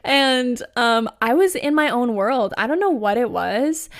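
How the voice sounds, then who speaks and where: A young woman in her twenties tells a story from her own life in a loose, casual storytime way. Her voice sits a little high, and she talks in a chatty, animated way, leaning on "like" and "you know" as she goes. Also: measured pace. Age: 20s. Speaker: podcast host.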